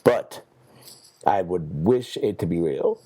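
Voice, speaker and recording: A man's voice: deep voice, expressive, takes it slowly, warm tone, slightly rough. A young man hosting a solo podcast, rambling and swearing through a jokey, meandering monologue. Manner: profane, meandering, jokey storytelling. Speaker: podcast host.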